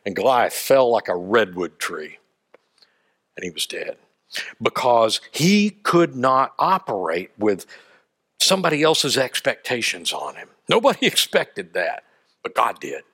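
A man preaching a sermon, telling stories with lively acted-out voices and asides. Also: medium pitch, unhurried. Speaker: pastor.

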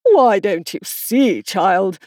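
A woman voicing a stern, imperious queen in a storybook reading, sharp and scolding. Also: mid-range voice, big pitch swings, slow, no room sound, studio quality. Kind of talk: audiobook character voice.

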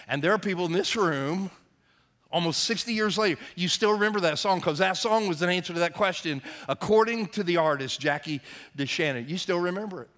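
Folksy guy preaching, bright high voice, jokes with the crowd. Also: brisk. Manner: folksy, chatty, jokey with the congregation. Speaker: pastor. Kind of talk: sermon. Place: church service.

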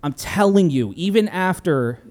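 A man in his thirties in a casual film review chat, earnestly weighing his points out loud as a podcast co-host. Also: high voice, animated, a little slow. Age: 30s.

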